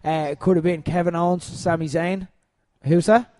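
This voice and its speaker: A man co-hosting a podcast, chatting casually, animated and laughing often as he swears now and then. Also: on the high side, normal speed, no echo. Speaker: podcast co-host. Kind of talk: casual chat.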